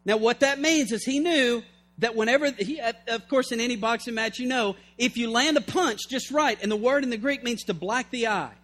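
A man's voice: very high voice, normal speed, a bit bright. A man preaching a sermon with fervor, reading scripture and acting out its scenes. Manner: fervent, acts out scripture scenes.

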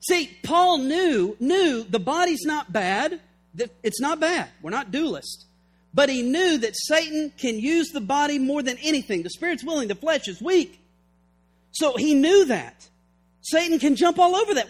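A man's voice: extremely high pitch, big pitch swings, measured pace. A man preaching a sermon with fervor, reading scripture and acting out its scenes. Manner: fervent, acts out scripture scenes.

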